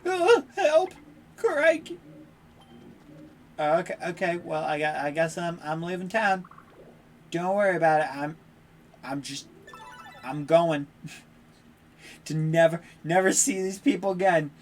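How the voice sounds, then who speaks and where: A woman's voice: deep voice, measured pace, pauses often, slight background noise. A young woman streamer giving playful, laughing commentary while playing a game. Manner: playful, laughing, lively asides.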